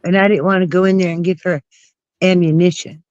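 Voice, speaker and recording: A woman's voice: lowish voice, fairly even intonation, a little fast, a little mellow, dry recording. A woman with a stuffy cold, calling in on a phone for a casual chat and laughing often. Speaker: guest caller. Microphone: phone call. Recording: dull muffled phone audio.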